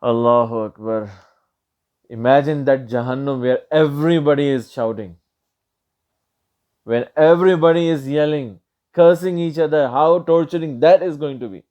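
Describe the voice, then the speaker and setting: A man's voice: fairly high pitch, normal speed. A man giving a Friday sermon in a mosque, impassioned, and he raises his voice sharply when he acts out quotes. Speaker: Friday preacher. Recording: dull lo-fi recording.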